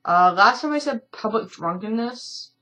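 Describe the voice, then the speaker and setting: A woman's voice: a little high, expressive, a little slow, sharp tone, rough recording. A tired woman streamer reading a story game aloud, with chatty asides and frequent self-corrections.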